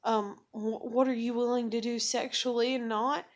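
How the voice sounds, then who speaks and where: A woman's voice: a little high, level tone, normal speed. Young woman ranting with profane sarcasm. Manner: profane, rambling, heavy with "like" and "you know"; sarcastic, self-mocking. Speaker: vlogger. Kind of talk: casual venting monologue.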